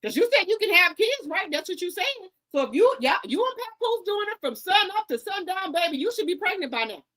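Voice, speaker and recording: A woman's voice: extremely high pitch, very animated, a little fast, hardly any pauses, bright, forceful tone. A woman in her fifties ranting to camera, rambling and hollering, tagging on "okay?" and "baby". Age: 50s.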